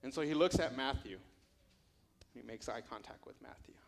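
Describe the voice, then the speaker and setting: Male pastor, storytelling sermon, middle pitch. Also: lively intonation, moderate pace. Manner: storytelling narration with dramatized dialogue.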